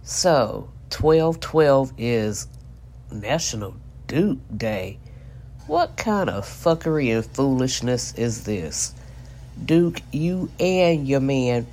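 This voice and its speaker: Man, birthday shout-out, blunt and profane teasing, unhurried delivery. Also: medium pitch.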